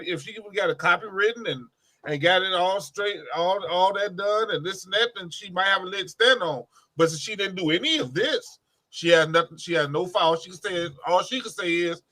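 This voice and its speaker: A man's voice: high voice, a bit bright. A man co-hosting a casual talk, arguing his point emphatically with everyday examples. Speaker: co-host. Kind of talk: casual chat.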